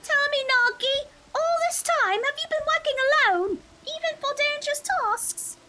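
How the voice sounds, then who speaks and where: A woman voicing an earnest young older sister in a game, measured and caring but stern. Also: extremely high pitch, pushed and bright, a little hiss or hum, voice pushed up, full character voice. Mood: stern concern.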